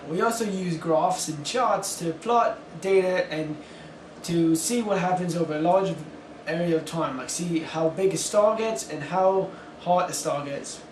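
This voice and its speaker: A man's voice: fairly high pitch, a little slow, a little mellow, roomy sound, recorded from a distance, a little hiss or hum, lightly acted, low-quality recording. A young man playing a British astronomer in an amateur skit, earnest and stumbling over his words. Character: pompous British male astronomer being interviewed. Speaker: interviewee in a school project skit.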